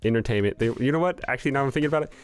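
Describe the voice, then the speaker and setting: A man's voice: medium pitch, very fast, clear, resonant tone, faint music behind. A man co-hosting a casual podcast chat, making wry, dry remarks. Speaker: podcast co-host.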